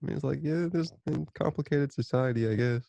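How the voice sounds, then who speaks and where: A man's voice: medium pitch, brisk, vocal fry, dark tone, no room sound. A young man co-hosting a podcast, joking and swearing in loose casual chat. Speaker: podcast co-host.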